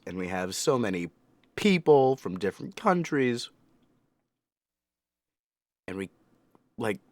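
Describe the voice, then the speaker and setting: A man's voice: fairly low pitch, dry recording. A man hosting a reaction video, chatting casually and rambling with jokes, fillers and self-corrections. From United States.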